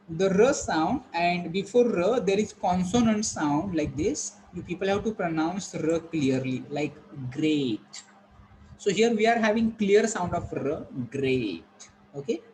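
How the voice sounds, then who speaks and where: A male teacher giving a classroom pronunciation lesson, patiently repeating words slowly and quizzing the class. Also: sits high, lively intonation, darkish tone, slight background noise, poor audio. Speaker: English teacher.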